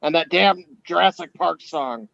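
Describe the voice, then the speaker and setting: A man's voice: a little high, a little slow, gravelly, bright, forceful tone, no room sound, muffled recording. A man co-hosting a casual comedy podcast, telling crude jokes and swearing freely. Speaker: podcast co-host.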